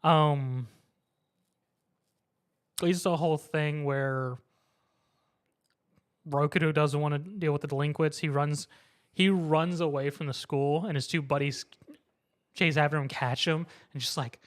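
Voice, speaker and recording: A man recapping an anime episode in casual chat, lively and quick to laugh, acting out the characters' lines. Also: on the high side. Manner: animated retelling, acts out characters' lines, laughs often. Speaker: podcast co-host.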